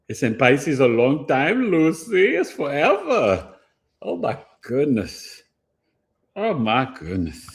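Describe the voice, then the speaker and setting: Deep-voiced man hosting a casual livestream. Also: darkish tone. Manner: playful, slangy, rhyming asides; acts out quick quoted voices. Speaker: astrology livestream host. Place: home.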